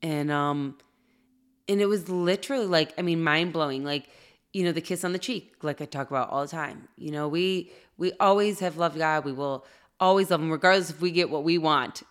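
Animated woman telling a faith story. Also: low-pitched, normal speed. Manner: animated, acts out quoted reactions. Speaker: podcast co-host. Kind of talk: casual storytelling.

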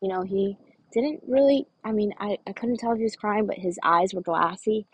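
A woman's voice: mid-range voice, normal speed, slightly rough, rough recording. A woman telling a true personal story in an earnest, conversational way, often saying "like". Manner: earnest, conversational, frequent "like" fillers.

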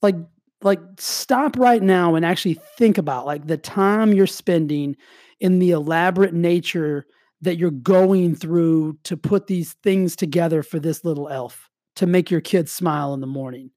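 Male motivational speaker, warm low-toned delivery, casual and fired up, slight cough, dry close sound. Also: a little slow, dry recording. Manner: energetic, casual, heavy use of "like". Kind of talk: motivational monologue.

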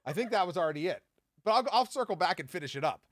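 A man in his thirties from Southern California, casually telling profane stories on his podcast with big jumps in pitch. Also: expressive, rapid-fire, fairly bright tone, dry recording, clean studio sound. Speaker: podcast host. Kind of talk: casual storytelling.

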